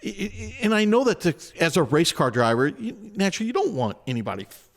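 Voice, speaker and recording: A man hosting a podcast who rambles through his question to the guest. His voice sits a bit high, and his pitch rises and falls in a lively way. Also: fast talker. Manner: rambling, many fillers and restarts. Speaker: podcast host. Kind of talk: casual podcast chat.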